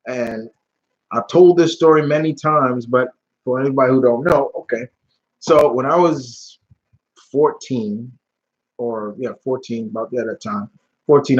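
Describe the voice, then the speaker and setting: Male streamer, mid-pitched, casual slangy storyteller, slightly muffled lo-fi audio. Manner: rambling, animated storytelling with slang and restarts. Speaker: YouTube channel host answering live chat questions. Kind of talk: casual live Q&A chat.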